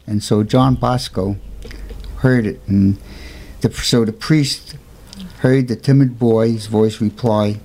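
A man's voice: steady tone, takes it slowly, a little mellow. Earnest man telling a saint's story. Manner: earnest, emphatic, rhetorical questions, raises pitch for quoted voices. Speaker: storyteller presenting a saint's life. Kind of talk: informal religious storytelling.

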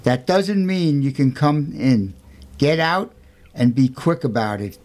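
A man voicing a rough, mean church caretaker in a told story. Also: medium pitch, lively intonation, slow pace, a little mellow. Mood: harsh.

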